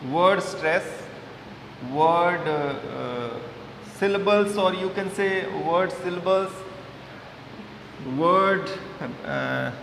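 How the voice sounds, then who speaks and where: A male teacher with an Indian English accent gives a slow, halting classroom lesson, stopping often on fillers and repeating his words. His voice sits fairly high for a man. It is recorded in a reverberant hall with faint background noise. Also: gravelly, fairly bright tone.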